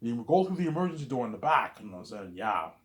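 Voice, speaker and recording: A man's voice: medium pitch, very animated, quick pace. Rambling man telling a story. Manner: rambling, repeats "he's like" and "you know what I'm saying". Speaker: vlogger.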